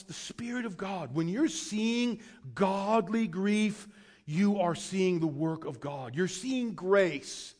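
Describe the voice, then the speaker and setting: A man preaching a sermon as pastor, swinging between loud urgent pleading and quiet low asides.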